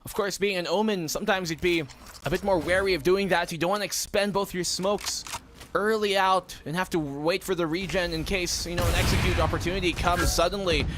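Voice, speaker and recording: A man's voice: high-pitched, steady tone, a little fast, background noise. A man casting an esports match, breaking down the plays as they happen. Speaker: esports caster. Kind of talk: esports commentary.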